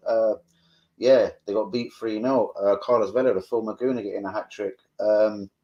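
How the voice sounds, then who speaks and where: A man's voice: medium pitch, darkish tone, muffled recording. A man hosting a fan live stream, chatting casually, swearing freely and answering viewers off the cuff. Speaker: fan channel host.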